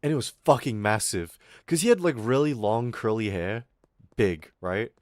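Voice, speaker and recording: A young man streaming, telling a school story in a casual, animated, swearing way. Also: lowish voice, normal speed, no room sound, clean studio sound.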